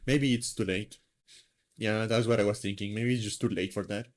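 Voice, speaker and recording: A man's voice: lowish voice, steady tone, moderate pace. A man hosting a live stream, chatting casually in a rambling, self-mocking way with lots of fillers. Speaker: streamer host.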